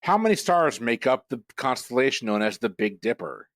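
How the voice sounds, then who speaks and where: A man hosting a pub trivia quiz, reading questions in a brisk, matter-of-fact way and bantering with the players. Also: mid-range voice, big pitch swings, no echo.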